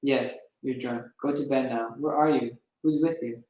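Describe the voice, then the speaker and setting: A man's voice: mid-range voice, steady tone, a little slow, darkish tone, natural voice. A man doing a curt, impatient young woman. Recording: echoey room.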